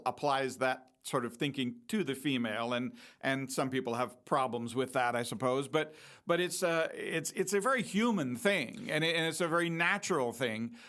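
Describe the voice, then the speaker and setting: A man's voice: mid-range voice, normal speed, a bit bright. A man co-hosting a podcast, discussing films casually in a thoughtful, analytical way. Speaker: podcast co-host.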